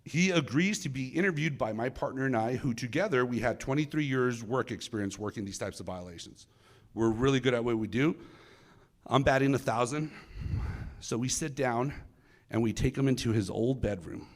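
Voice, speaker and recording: A middle-aged man and former federal agent, telling a case story to a live audience in an animated way and acting out the dialogue. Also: mid-range voice, moderate pace. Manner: animated, acts out dialogue, addresses the crowd directly.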